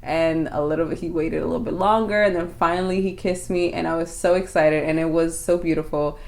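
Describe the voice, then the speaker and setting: Lively woman telling a love story. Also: low voice, a little fast, vocal fry. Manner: animated, acts out quotes. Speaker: podcast co-host. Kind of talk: casual storytelling chat.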